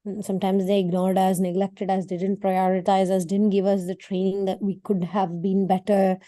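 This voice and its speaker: A woman leads a scripture class, talking freely with fillers and quick asides. Her voice is very dark and mellow in tone. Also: medium pitch. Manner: chatty, lively, many "right?" and "like" fillers, laughs often. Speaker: teacher.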